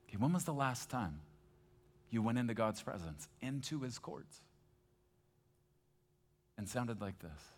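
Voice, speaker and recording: A male pastor preaching a passionate sermon, swinging between loud emphasis and hushed, intimate moments. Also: medium pitch, very animated, measured pace, long pauses, breathy edge. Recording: long hall reverb, faint guitar.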